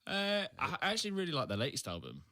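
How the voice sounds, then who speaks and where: A man's voice: a little high, huge pitch swings, fast talker, sharp tone, no room sound. A man, a podcast guest, chatting casually in a laid-back way, trailing off and laughing often. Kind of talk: casual chat.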